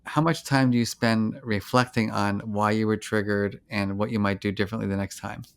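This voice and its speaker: A man's voice: fairly low pitch, steady tone, moderate pace, clean tone. A man hosting a podcast, reflecting aloud and asking questions with lots of verbal fillers. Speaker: podcast host. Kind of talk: casual podcast conversation.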